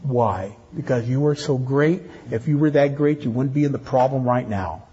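A man's voice: medium pitch, moderate pace, warm tone, husky. An older man preaching a sermon to his congregation, with teasing asides to the ladies in the pews. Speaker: pastor. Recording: dull lo-fi church recording.

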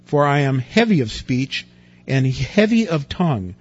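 A man preaching a sermon in a conversational way, asking rhetorical questions and swinging from loud to quiet. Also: mid-range voice, big pitch swings, unhurried, slightly rough. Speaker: pastor. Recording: dull lo-fi recording with faint music.

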